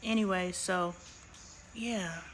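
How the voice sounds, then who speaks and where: A woman's voice: lowish voice, steady tone, slow pace, a little hiss or hum. A woman in her thirties talking casually to camera in her home kitchen, chatting with viewers and scolding her kids between asides. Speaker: family vlogger. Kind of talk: casual vlog talk to camera.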